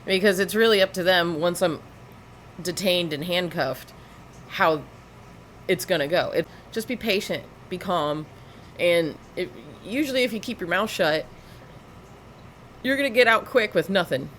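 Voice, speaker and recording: A woman's voice: lowish voice, a little slow, long pauses, a bit bright, slight background noise. A woman giving sarcastic, lecturing reaction commentary over police footage.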